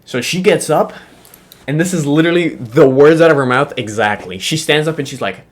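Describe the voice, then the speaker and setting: A young man spins a story from his school days in loose, casual talk. He is animated and slangy, swears freely and fills his sentences with "like" and "bro.". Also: fairly high pitch, a little fast. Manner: animated, slangy and profane, with many fillers.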